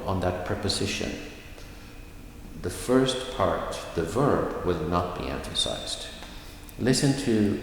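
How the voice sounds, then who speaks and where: A man teaching a recorded pronunciation lesson, speaking slowly and carefully and repeating example phrases. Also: deep voice, slight background noise. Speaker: language teacher. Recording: echoey room with long reverb.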